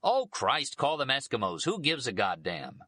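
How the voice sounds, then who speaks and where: A man voicing a brash, crude male ballplayer who tells loud, blunt stories in a raised voice. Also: mid-range voice, huge pitch swings, moderate pace, slightly rough, no room sound, voice pushed up, heavily acted. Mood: irritated.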